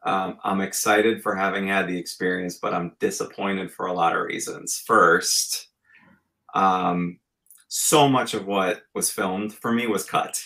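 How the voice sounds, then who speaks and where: A man's voice: low voice, steady tone, a little slow, gravelly, sharp tone, low-quality recording. A man in his forties, a podcast guest, telling stories in an earnest, reflective way in casual chat. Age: 40s.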